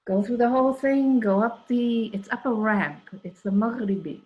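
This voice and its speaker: With a slightly high voice at a moderate pace, an older woman meanders through a story from her own life. She keeps adding asides and quoting what people said, and the audio is dull and lo-fi.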